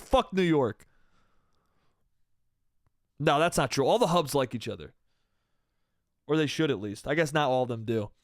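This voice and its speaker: A man's voice: a little high, no echo, studio quality. A young man hosting a solo comedy podcast, rambling loosely and profanely, calling everyone "dude" and "bro". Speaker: podcast host.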